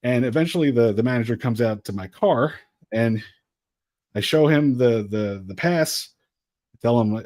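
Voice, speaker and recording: Guy ranting through a long story on a podcast, mid pitch, dry sound. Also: normal speed, no room sound. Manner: animated, exasperated retelling with acted quotes. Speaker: podcast co-host. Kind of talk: casual storytelling.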